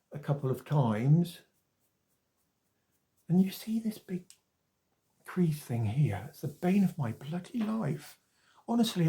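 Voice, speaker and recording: A rambling, chatty man in his late forties talks through a skincare demonstration to camera. His voice is mellow and gravelly, sitting a little high for a man. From Wales. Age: 40s. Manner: chatty and rambling, wanders off topic, mild swearing. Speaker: skincare vlogger. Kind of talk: casual talking-to-camera demonstration.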